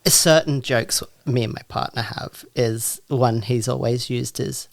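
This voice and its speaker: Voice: medium pitch, a little slow, vocal fry, no echo. A podcast co-host in casual chat, talking frankly and directly, with sudden rising asides.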